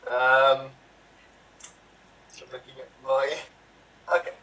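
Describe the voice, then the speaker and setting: A man's voice: medium pitch, monotone, slow pace, pushed and bright, distant mic, poor audio. A man performing improvised comedy, playful and giggly.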